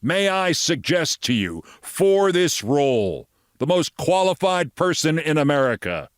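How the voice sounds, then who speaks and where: A man's voice: on the high side, very animated, unhurried, no echo, clean studio sound. A man in his sixties hosting a political commentary show, with a sarcastic, theatrical delivery and emphatic swings in his voice. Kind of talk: scripted sardonic commentary.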